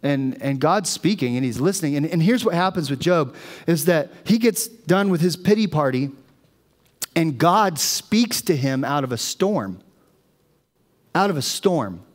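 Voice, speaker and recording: In a church sanctuary, a pastor with a slightly high, unhurried voice preaches a sermon, animatedly telling stories to the congregation. The hall's long reverb trails after his words.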